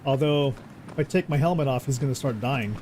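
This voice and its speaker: A man's voice: mid-range voice, brisk, darkish tone, a little hiss or hum. A man streaming a game, talking casually and rambling, often correcting himself mid-sentence. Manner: rambling, self-correcting, easygoing. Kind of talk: casual gameplay commentary. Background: game music.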